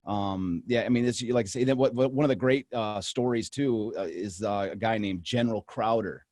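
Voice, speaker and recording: A man's voice: fairly low pitch, normal speed, a little mellow, no echo, clean studio sound. Rambling, enthusiastic male podcast host. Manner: rambling, with many restarts and fillers; enthusiastic storyteller. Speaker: podcast co-host and history researcher. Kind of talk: casual podcast chat.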